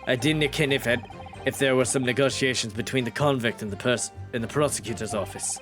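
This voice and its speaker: A man's voice: mid-range voice, a little fast, over music, pitched below the performer's own voice, lightly acted. A man voicing a blunt, defensive older male prison warder with a put-on Scottish-ish burr. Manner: blunt, defensive, plain-spoken.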